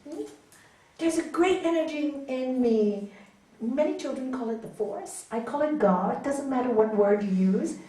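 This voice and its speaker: Woman yoga teacher, fairly high and lively voice, gently coaching; picked up from afar in a roomy hall. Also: unhurried. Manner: animated, gently coaching, often asks "hmm?". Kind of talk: spiritual talk answering audience questions. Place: large hall. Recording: echoey hall from far off, faint noise.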